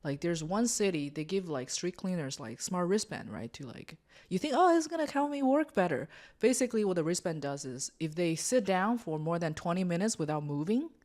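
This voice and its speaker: A woman's voice: lowish voice, animated, brisk, darkish tone. A woman hosting a podcast, explaining things at length in a chatty way with lots of filler words. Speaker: podcast host. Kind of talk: casual podcast chat.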